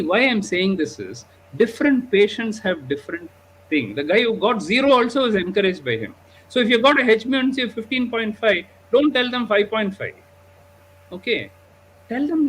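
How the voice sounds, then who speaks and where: A man's voice: sits high, sing-song, moderate pace, a bit bright, slight background noise, low-quality recording. A man, a diabetes doctor, telling a story animatedly in a live discussion, often adding 'okay?' and 'you know'.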